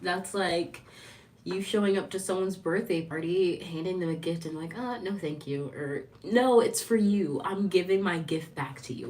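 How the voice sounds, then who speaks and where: A woman chatting casually on a livestream vlog, animated, laughing often, and acting out quoted lines. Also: fairly low pitch, distant mic. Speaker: lifestyle vlogger.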